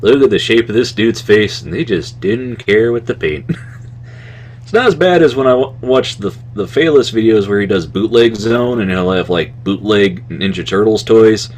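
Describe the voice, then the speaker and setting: A man's voice: lowish voice, expressive, moderate pace, a little mellow. A man co-hosting a podcast in casual chat, rambling from one thought to the next, chuckling and trailing off with "anyway". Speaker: podcast co-host.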